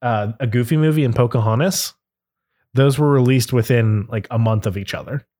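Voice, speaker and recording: Young man, podcast host, casual chat, rambling, lots of fillers, medium pitch. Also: normal speed, dark tone. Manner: rambling, filler-heavy, laughs easily.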